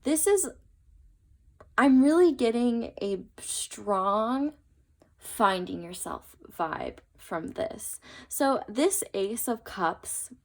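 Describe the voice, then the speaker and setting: A woman's voice: a little high, lively intonation, extremely slow. Chatty young woman reading tarot. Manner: chatty, earnest, many fillers and trailing asides. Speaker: tarot reader. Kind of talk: casual tarot reading to camera.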